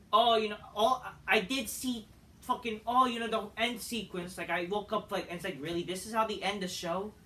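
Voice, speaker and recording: A man ranting through a wrestling show review, swearing and venting his frustration. His voice sits high and sounds sharp and forceful. He is a little distant from the mic, with a faint hiss behind him. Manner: profane, exasperated ranting.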